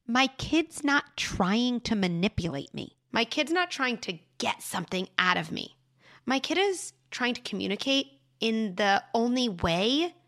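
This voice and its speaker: A young woman with a bright, clear tone talks through parenting advice at an even, unhurried pace. Her delivery is calm and reflective, like a host answering a listener's question. She explains each point patiently. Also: mid-range voice. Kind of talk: advice podcast monologue.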